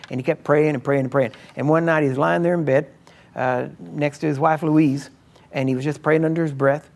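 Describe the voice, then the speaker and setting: A man's voice: on the high side, fairly even intonation, brisk, gravelly, darkish tone. A man pastor preaching a sermon emphatically, often checking in with his listeners. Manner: emphatic, checks in with frequent questions.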